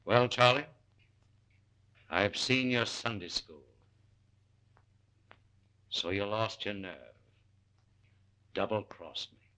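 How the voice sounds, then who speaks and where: A slow, bitter accuser. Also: male voice, fairly low pitch, sharp tone, clear, resonant tone, low-quality recording. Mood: accusing. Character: hard-bitten man confronting a double-crosser, bitter. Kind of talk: 1930s film acting.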